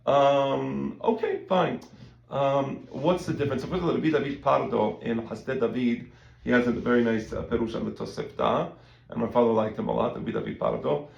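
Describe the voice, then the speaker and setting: Gravelly-voiced male rabbi teaching in an echoey room. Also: medium pitch, a little fast, highs cut off. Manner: conversational, repeats words, quotes in animated voices. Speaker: rabbi teaching a Talmud class. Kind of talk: casual Talmud lesson.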